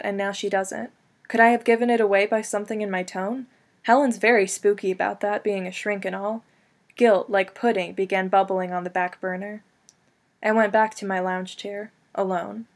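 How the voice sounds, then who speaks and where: A woman narrating a first-person audiobook in a wry, conversational tone. Her voice sits at an ordinary middle pitch and moves along easily. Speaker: audiobook reader.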